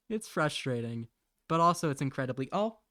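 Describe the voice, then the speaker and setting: A man's voice: fairly high pitch, a bit bright, dry recording. Rambling, chatty man streaming live. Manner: rambling and chatty, laughs often; mutters to himself while drawing. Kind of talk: casual live-stream chat.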